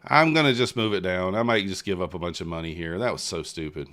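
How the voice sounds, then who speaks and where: A man streams live commentary on his day trading, casually muttering at the market in frustration. His voice is deep and a bit bright, and he talks at a quick pace.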